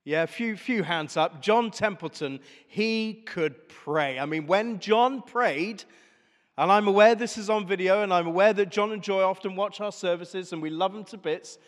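A man's voice: high voice, normal speed, big-room sound. A man preaching a sermon in church, talking in a conversational way and putting questions to the congregation. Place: church service.

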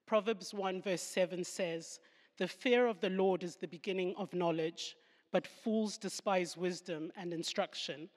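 A woman's voice: on the low side, measured pace, a little mellow, in a large hall. A woman with a Southern African accent giving a devotional Bible talk, with humorous asides where she laughs at herself. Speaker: Bible teacher.

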